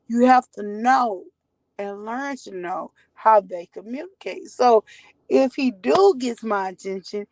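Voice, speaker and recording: A mother in her forties tells her story straight to camera, bluntly and rambling, swearing freely as she talks candidly to viewers. Her voice is mid-range with a darkish tone, and the recording is dry and low in quality.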